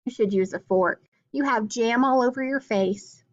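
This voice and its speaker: A woman's voice: a little high, normal speed, highs cut off, close to an everyday voice. A woman voicing a kindly, chatty old village grandmother while reading a storybook aloud. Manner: fussing, chatty, good-natured.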